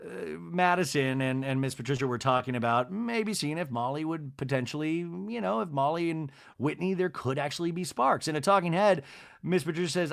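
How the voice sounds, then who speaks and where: A man's voice: on the high side, fairly quick, vocal fry. A man hosting a podcast, giving a chatty, gossipy solo TV recap. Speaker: podcast host. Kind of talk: casual TV recap monologue.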